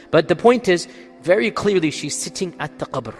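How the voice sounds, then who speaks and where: A man's voice: high voice, animated, normal speed, long reverb tail, faint music behind. A man giving an Islamic religious lecture in answer to questions. He speaks emphatically, asks rhetorical questions and answers them himself, and checks in with his listeners. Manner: checks in with the audience with "Okay?". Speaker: Islamic scholar.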